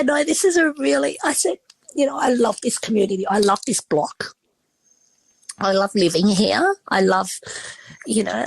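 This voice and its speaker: Aussie woman guest, middle-aged, husky gravelly voice, rambly storytelling. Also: medium pitch, no echo, poor audio. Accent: Australian. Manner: chatty, full of restarts and quoted dialogue. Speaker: restaurateur and podcast guest. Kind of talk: casual interview storytelling.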